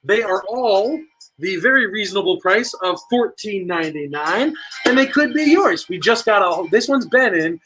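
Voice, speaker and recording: Young male trivia host, high pitch, bright edge, goofy and quick with a joke. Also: expressive, poor audio. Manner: playful and jokey, rattling off viewer guesses. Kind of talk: livestream game hosting.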